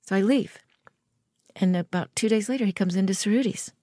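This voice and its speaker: In studio-quality audio with no echo, a middle-aged woman from the United States animatedly tells a long story as an interview guest, voicing the characters she quotes. She speaks mid-range and a little fast.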